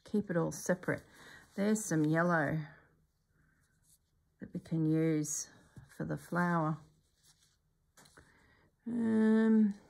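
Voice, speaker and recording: A middle-aged woman talking through a stitch-along embroidery tutorial in a calm, musing way, often dropping to a soft whisper. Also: on the low side, vocal fry. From Australia.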